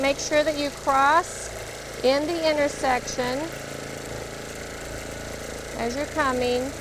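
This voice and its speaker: A woman teaching longarm quilting, narrating each step chattily as she stitches in her studio. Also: high voice. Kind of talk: hands-on demonstration. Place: quilting studio beside a running longarm machine. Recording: steady machine noise behind the voice. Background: longarm sewing machine hum.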